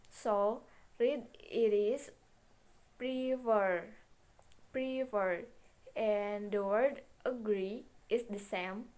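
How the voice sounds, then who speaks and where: Slow, careful young woman reading a lesson. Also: medium pitch, a little mellow, poor audio. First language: Indonesian. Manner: slow, careful reading with repeated words and self-corrections. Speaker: student presenter. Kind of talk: reading a phonetics class presentation.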